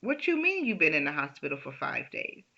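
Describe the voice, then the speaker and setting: A woman voicing her blunt, plainspoken mother, slightly higher than her own voice. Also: wildly swooping pitch, fairly quick, gravelly, sharp tone, muffled recording, full character voice. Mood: puzzled. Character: blunt, matter-of-fact older mother.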